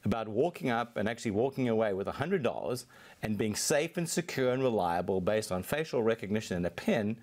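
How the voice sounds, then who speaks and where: A man being interviewed as a technology executive, explaining his points fluently and in a measured way. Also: fairly low pitch, expressive, a little mellow. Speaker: Microsoft technology executive, guest. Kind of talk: interview answers.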